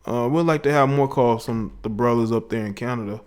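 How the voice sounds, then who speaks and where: A man's voice: medium pitch, a little fast, darkish tone. Slangy laid-back male livestream host. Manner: loose, slangy, chuckling. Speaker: livestream talk show host. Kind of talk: casual livestream chat, reading out viewer comments.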